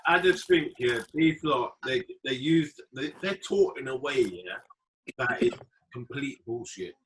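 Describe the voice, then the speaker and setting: A man talks earnestly in a casual group chat. He makes his case at length and often ends a line with "bro". His voice sits at an ordinary pitch. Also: lively intonation, unhurried, fairly bright tone, a little hiss or hum, poor audio. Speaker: podcast co-host.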